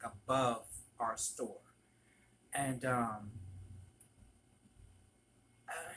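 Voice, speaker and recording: A man's voice: medium pitch, a bit bright, slight background noise, rough recording. A man telling casual stories to camera in a chatty, gossipy way, with many ums. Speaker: vlogger, former barista.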